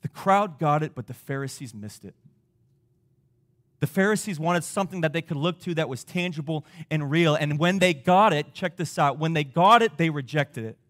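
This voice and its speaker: High-voiced male preacher, emphatic delivery. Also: normal speed. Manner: emphatic, with rhetorical questions and big swings in loudness. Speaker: pastor. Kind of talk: sermon.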